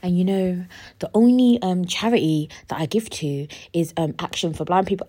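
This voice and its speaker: Low-voiced woman telling a story. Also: normal speed. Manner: chatty and expressive, swears freely, repeats herself for emphasis. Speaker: podcast host. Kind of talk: casual storytelling monologue.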